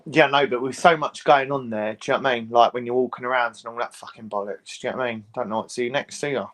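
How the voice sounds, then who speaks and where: A man's voice: medium pitch, steady tone, fast, a bit bright. A man hosting a casual chat, laid-back and sweary, often checking that he is understood. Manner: laid-back, sweary, keeps asking for agreement.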